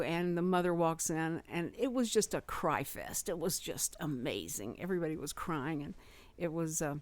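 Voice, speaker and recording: Woman radio host, low-pitched, rambling chatty storyteller, dry studio sound. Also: normal speed, no room sound. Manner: rambling storyteller with frequent fillers and restarts. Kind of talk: casual radio chat.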